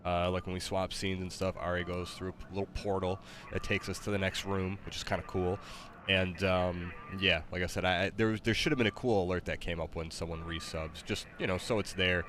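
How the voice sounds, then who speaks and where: A man's voice: low-pitched, steady tone, fairly quick, fairly bright tone, slight background noise. A man streaming a game, chatting casually with lots of fillers and restarts and laughing easily. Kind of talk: casual livestream chat.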